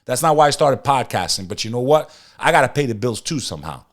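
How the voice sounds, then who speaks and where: A man hosting a podcast, ranting in animated news commentary and talking straight to his live chat. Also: mid-range voice, fast talker. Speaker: podcast host.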